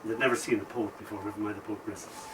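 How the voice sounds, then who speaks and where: A man's voice: on the low side, level tone, racing. An Irish man telling humorous stories and reading his poetry at an open mic night, chuckling between lines. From Ireland. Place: bookshop event, indoors. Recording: distant mic, faint room noise.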